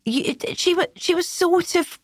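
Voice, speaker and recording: A woman journalist talking casually on a podcast, animated and thinking aloud with frequent restarts. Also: very high voice, a little slow, no room sound, studio quality. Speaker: journalist guest.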